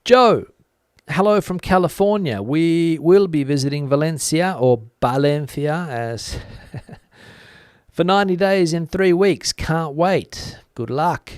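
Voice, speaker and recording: A man's voice: on the high side, animated, takes it slowly, no echo, clean studio sound. Chatty man hosting live chat. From Australia. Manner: hesitant, lots of uh fillers, reads out comments. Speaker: livestream host reading chat.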